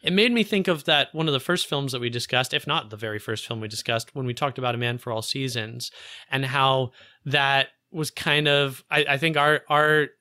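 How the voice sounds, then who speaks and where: A man's voice: medium pitch, moderate pace, bright, forceful tone, no echo, clean studio sound. A man co-hosting a podcast, talking about a film in a casual, enthusiastic way with many "like" fillers. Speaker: podcast co-host.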